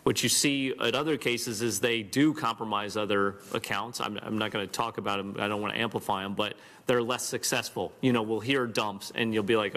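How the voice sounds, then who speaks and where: A man with a lowish voice gives formal testimony at a hearing. He explains his points in a steady, measured way. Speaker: hearing witness.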